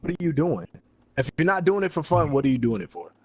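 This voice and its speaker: A man co-hosting a casual podcast chat, laughing often and retelling stories in animated bursts. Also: fast, dull audio. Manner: laughing, animated retelling with sudden high outbursts. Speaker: podcast co-host. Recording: noisy background.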